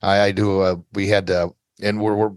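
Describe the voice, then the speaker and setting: A middle-aged man with a lowish voice talks listeners through confidence tips like a coach, earnest and steady, leaning on repeated phrases. The sound is dry and close, with no room around it. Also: normal speed, no room sound. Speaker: self-defense instructor guest. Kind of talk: motivational interview advice.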